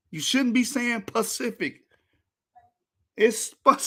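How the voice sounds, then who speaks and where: Animated high-voiced man ranting. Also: moderate pace, husky. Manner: exasperated, ranting, laughs often. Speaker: reaction video host. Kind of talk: casual reaction commentary.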